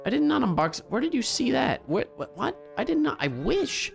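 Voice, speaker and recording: A gaming video host giving casual, excitable gameplay commentary and chatting with viewers. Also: high-pitched, normal speed, gravelly, hardly any pauses, slightly rough, faint music behind.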